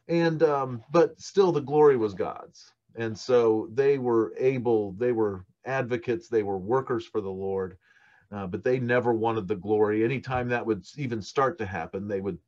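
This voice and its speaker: A man preaching a sermon in a thoughtful, halting way, with many fillers and restarts, on a dull church recording. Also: on the low side, a little mellow.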